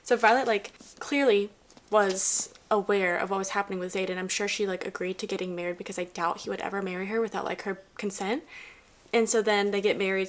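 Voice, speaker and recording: A young woman vlogging about a book series, talking casually with lots of fillers and sometimes dropping to a whisper while reading. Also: mid-range voice. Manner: chatty, filler-heavy, often drops to a whisper while reading. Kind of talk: casual reading vlog commentary.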